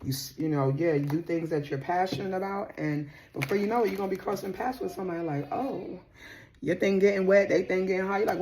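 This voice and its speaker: A young adult woman, doing a casual tarot reading in a sassy, animated way and swearing casually. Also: mid-range voice, a little fast, a little hiss or hum. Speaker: tarot reader.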